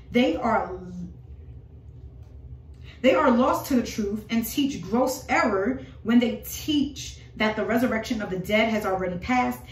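A woman's voice: medium pitch, far from the mic. Emphatic woman preaching in a roomy space. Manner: emphatic, repetitive, rhetorical. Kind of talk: informal prophetic preaching. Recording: roomy voice from off the mic.

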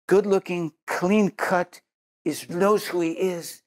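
Taking it slowly, a man with a high-pitched, steady and a little mellow voice teaches as a Messianic Jewish preacher. His earnest sermon closes in prayer, and he frequently repeats words while finding them.

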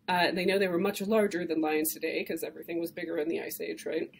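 Casting: woman in her thirties, lower voice, chatty and enthusiastic lecturer, lots of ums and uhs, faint hiss in the background. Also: fairly even intonation, fast talker, vocal fry. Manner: conversational, enthusiastic, with frequent fillers. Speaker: art history lecturer. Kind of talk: classroom lecture.

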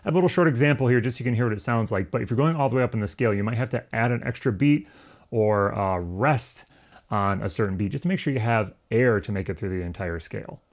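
A man with a lowish voice talks fast while teaching a music lesson, explaining things casually and now and then singing rhythms on syllables. It is an instructional lesson.

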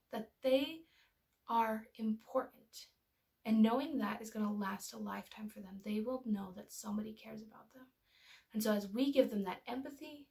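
A woman's voice: a little high, creaky, a little mellow. A young adult woman and parenting educator giving an earnest, personal explanatory talk that is full of anecdotes.

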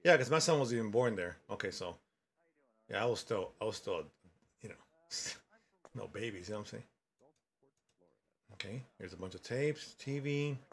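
A man's voice: fairly low pitch, animated, moderate pace, long pauses, breathy edge. A man in his forties giving casual, jokey gameplay commentary, talking back to characters on screen and swearing freely. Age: 40s. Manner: joking, loud and swearing, talks to characters on screen. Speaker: gaming streamer.

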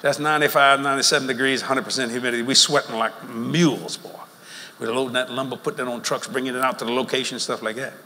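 A male preacher from Louisiana delivers an animated, folksy sermon in a large church auditorium, laughing between lines. His voice is medium-pitched and quick, with a slight hiss or hum on the track. Long hall reverb and faint crowd ambience fill the recording.

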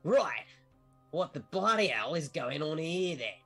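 A man voicing a blunt male goblin who enforces rules, gruff and dismissive, over a video call. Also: fairly high pitch, big pitch swings, unhurried, fairly bright tone, faint music behind, voice pushed up, exaggerated voice. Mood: brusque. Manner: blunt, dismissive, says "mate" and "bloody". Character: gruff gray-skinned male goblin rule-keeper. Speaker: game master.

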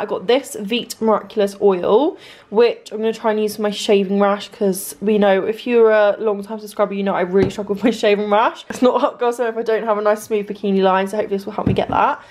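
A woman's voice: medium pitch, steady tone, fast talker, darkish tone. A young woman chatting casually at home in a vlog, peppering her talk with "literally". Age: young adult. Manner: chatty, says "literally" constantly. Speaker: vlogger.

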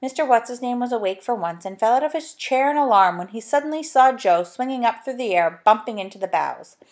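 A woman reading a children's storybook aloud, gentle and chatty, with little asides to the listener. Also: on the high side, expressive, brisk. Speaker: narrator.

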